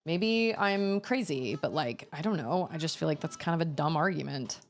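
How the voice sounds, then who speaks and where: Woman, 30s, streamer, low-ish voice, rambling exasperated storyteller. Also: lively intonation, normal speed. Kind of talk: casual chat while gaming.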